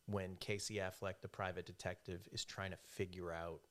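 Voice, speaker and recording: Low-voiced joking man. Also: flat delivery, normal speed, fairly bright tone. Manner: joking, rambling storyteller. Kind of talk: casual chat.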